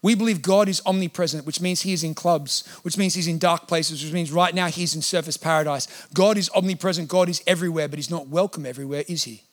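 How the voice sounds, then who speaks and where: A man's voice: on the high side, quick pace, hardly any pauses. A man preaching a sermon in a church, talking earnestly and conversationally and acting out quotes. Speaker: pastor. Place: church hall.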